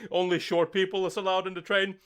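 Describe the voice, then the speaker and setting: A man's voice: high voice, flat delivery, quick pace, fairly bright tone, clear, resonant tone. A man co-hosting a podcast, chatting casually, laughing often and swearing freely. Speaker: podcast co-host. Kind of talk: casual chat.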